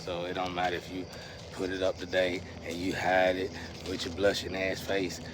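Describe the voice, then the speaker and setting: A man's voice: low voice, completely flat delivery, moderate pace, noisy background. Rambling slangy man talking to viewers. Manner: rambling, slangy, restless swings in loudness. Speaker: vlogger. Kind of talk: casual monologue to viewers.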